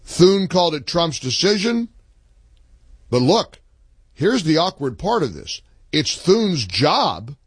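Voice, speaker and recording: Animated older man hosting talk radio. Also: husky, no room sound. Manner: emphatic, animated, swings between low asides and high outbursts. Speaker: radio talk show host. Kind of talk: political talk radio monologue.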